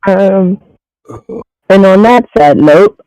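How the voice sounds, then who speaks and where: A high-pitched but mellow man who talks slowly and giggles at his own jokes. He chats casually as a co-host, poking fun at himself. His mic sounds slightly muffled. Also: clean tone, no echo. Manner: giggly and self-mocking, laughs often. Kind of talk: casual chat.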